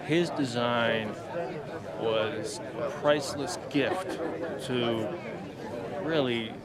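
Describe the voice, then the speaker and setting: Slow thoughtful man amid loud crowd. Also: mid-range voice. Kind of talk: interview.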